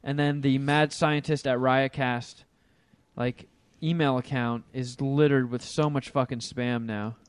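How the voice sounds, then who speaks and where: A man's voice: mid-range voice, steady tone, unhurried, clean tone, no echo. A young man co-hosting a podcast, chatting loosely and swearing freely. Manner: loose, profane, reads listener emails. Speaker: podcast co-host. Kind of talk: casual chat.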